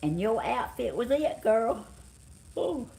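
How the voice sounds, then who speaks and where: A woman's voice: on the high side, sing-song, takes it slowly, gravelly, warm tone. A middle-aged woman with a Southern US accent, tired and chatting casually on a live stream, greeting viewers by name. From Georgia, US. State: tired, yawning. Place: home, on the couch.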